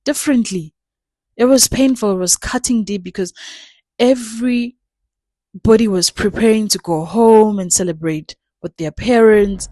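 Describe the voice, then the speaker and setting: A woman's voice: mid-range voice, darkish tone, dry recording. A young adult woman hosting her channel, speaking in an earnest personal way and repeating words for emphasis. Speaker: channel host. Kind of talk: personal reflective talk.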